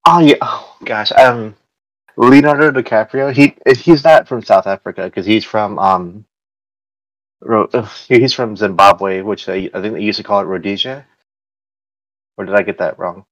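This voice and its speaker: A man's voice: fairly low pitch, fairly even intonation, normal speed, no echo, low-quality recording. Chatty American man hosting a podcast. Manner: chatty and rambling, with many fillers and restarts. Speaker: podcast host. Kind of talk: casual podcast chat.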